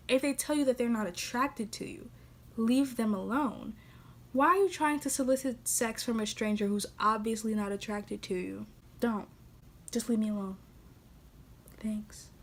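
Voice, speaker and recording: Blunt, exasperated young New woman. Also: fairly high pitch. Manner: blunt, exasperated and joking, with laughs. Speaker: vlogger. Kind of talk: casual talk to camera.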